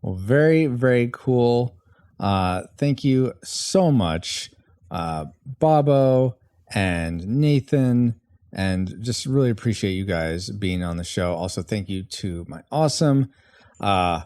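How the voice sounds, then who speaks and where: A man's voice: fairly low pitch, expressive, slow, a little mellow, clear, resonant tone. A man hosting a podcast, upbeat, reacting with short remarks and thanking guests. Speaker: podcast host. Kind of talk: casual chat.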